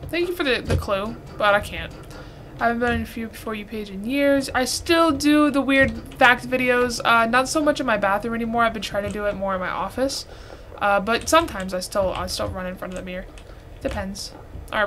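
A woman's voice: on the high side, fairly bright tone. A young woman streaming a horror game, chatting with her viewers and reading their messages aloud. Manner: chatty, reads chat aloud, shrieks and swears when scared. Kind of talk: live-streamed gameplay commentary. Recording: noticeable background noise.

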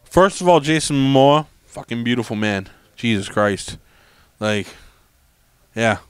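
A man's voice: medium pitch, lively intonation, a little slow, smooth, no room sound. A man co-hosting a casual film review podcast, blunt and opinionated, swearing freely. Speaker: podcast co-host.

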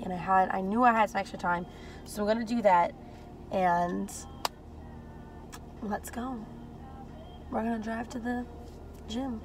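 This is a young woman filming her own casual vlog, talking straight into a handheld camera. She's chatty and animated, quick to laugh, with a mid-range voice and music going in the background. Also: mid-range voice, rough recording. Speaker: fitness vlogger. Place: car, then gym.

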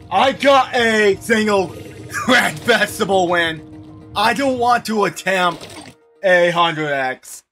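A young man giving loud, cursing commentary over his own gameplay, raging and trash talking. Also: high voice, expressive, drawn-out words, pauses often, soft background music. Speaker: gaming streamer.

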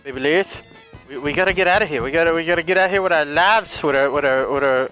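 A man hosting a casual gaming session with friends, excitable and jokey, repeating himself as he talks over voice chat. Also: on the high side, quick pace, low-quality recording. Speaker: gaming host. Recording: game music under the voice. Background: game music.

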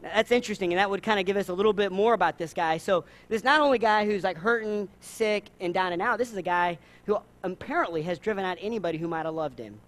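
A man with a high, light voice preaches to his congregation, swinging from soft, low asides to loud, lifted appeals. He builds his points on repeated phrases and questions to the listeners. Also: quick pace, few pauses. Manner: animated preaching with rhetorical questions, repeated phrases and acted-out quotes. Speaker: pastor. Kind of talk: sermon. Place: church service.

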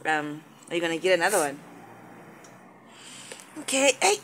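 A woman with a lowish voice chats in a casual family vlog, teasing and playfully mock-serious as she talks to her children. She is recorded in a home kitchen on a handheld camera. Steady background noise sits under her voice. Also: moderate pace. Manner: chatty, mock-solemn and playful. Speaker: vlogger, mother.

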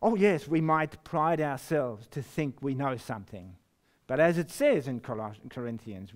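A man preaching a sermon, reading scripture slowly and emphatically, with sudden rises and drops in his voice. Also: fairly high pitch, sing-song. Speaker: pastor.

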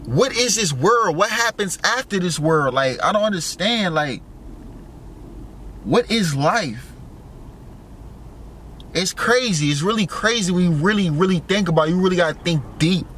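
Young man, high voice, casual rambling musings, profane, filler-heavy. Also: fairly bright tone, slight background noise. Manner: musing, full of fillers and profanity, wondering aloud. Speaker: vlogger.

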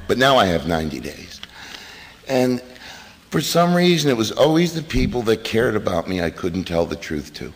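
A middle-aged man speaks at a recovery meeting in a low voice that swings lively up and down. He tells his story animatedly, acting out what others said. The recording rings with a long hall reverb over a faint hiss. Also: moderate pace, creaky. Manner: animated storytelling with acted-out quotes and laughs. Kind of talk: personal recovery talk at a meeting.

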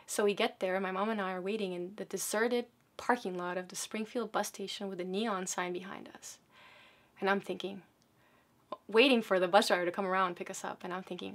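A woman from South America recounts a personal story before an audience. She speaks at a medium pitch and keeps the telling vivid. She slips into acted quotes as she goes. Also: steady tone, fairly quick, fairly bright tone.

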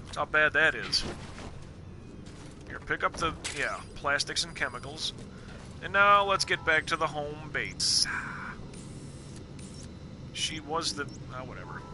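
He talks a little slowly with big pitch swings and a voice on the high side, pausing often against a noisy background. Game music plays as he streams live, offering casual let's play chatter laced with jokes, swearing and spoken-aloud thoughts.

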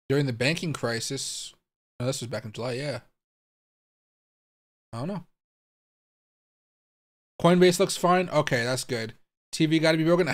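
A young man hosting a late-night live stream, talking to himself and his viewers in puzzled, muttered bursts. He swears often and keeps asking what is going on. His voice sits at a middling pitch. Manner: baffled, thinking aloud, swearing, talking to viewers. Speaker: crypto livestream host. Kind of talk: live-streamed casual commentary.

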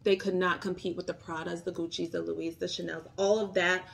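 A woman's voice: fairly low pitch, flat delivery, a little fast, gravelly. Woman, 30s, casual vlog chat, bubbly, rambling, recorded on phone, indoors. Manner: chatty, bubbly, rambling asides. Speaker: vlogger reviewing luxury bags. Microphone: phone camera.

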